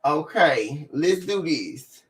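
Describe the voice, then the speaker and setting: A woman hosting a live tarot stream on a webcam mic from home, excitable and laughing often as she chats casually with her viewers. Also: deep voice, slow pace. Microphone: webcam microphone.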